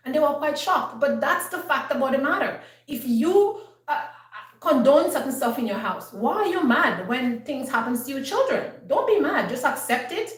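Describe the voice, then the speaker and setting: A woman's voice: high-pitched, normal speed, distant mic. Earnest woman lecturing parents, voice bouncing in an echoey room. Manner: earnest, preachy, animated. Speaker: homestead channel host giving Bible-based parenting advice. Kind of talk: casual talk.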